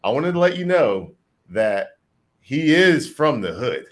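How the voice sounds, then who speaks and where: A man from New Jersey co-hosting a casual livestream chat, talking in a rambling, animated way and repeating himself. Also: mid-range voice, a little slow. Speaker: co-host.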